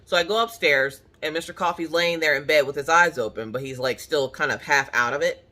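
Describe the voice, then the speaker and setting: A woman in her thirties casually telling viewers a story from home, animated and full of "like", acting out her own reactions. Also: sits low, a little fast. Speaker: crafting channel host.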